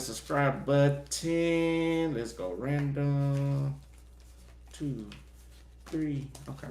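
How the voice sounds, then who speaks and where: A man runs a casual tarot reading and speaks straight to his viewers in relaxed, dialect-tinged talk. His mid-pitched voice rings in a roomy, echoing space. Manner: repeats affirmations, gives shout-outs; dialect-tinged informal speech, uses "y'all". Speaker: tarot reader.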